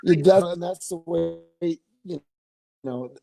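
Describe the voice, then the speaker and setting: A man's voice: fairly high pitch, takes it slowly, vocal fry, warm tone. A man on a video call chatting casually, telling a long story in a rambling way with many restarts. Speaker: musician guest. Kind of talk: casual chat.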